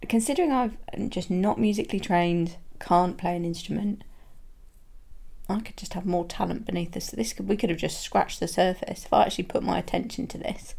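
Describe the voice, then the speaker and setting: A woman chatting casually on a podcast, with a gravelly, creaky edge to her voice. She is playful and jokes about herself. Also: lowish voice, a little fast. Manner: playful, self-mocking, animated. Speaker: podcast co-host. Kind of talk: casual chat.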